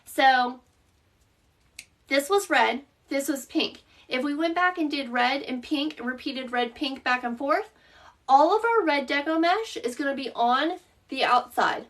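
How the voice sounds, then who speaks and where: A Southern woman with a high voice hosts a live craft tutorial, talking through each step while she works. She chats easily and answers viewers by name. Her voice sounds a bit distant from the mic. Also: measured pace, a bit bright. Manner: chatty, explains steps while working and answers viewers by name. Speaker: craft shop owner hosting a live tutorial.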